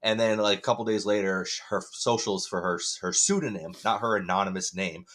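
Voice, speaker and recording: A man's voice: lowish voice, fairly even intonation, fairly quick, a bit bright. A man who is a parent, co-hosting a podcast in casual chat, rambling and hedging as he tells a story and laughing often. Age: adult parent.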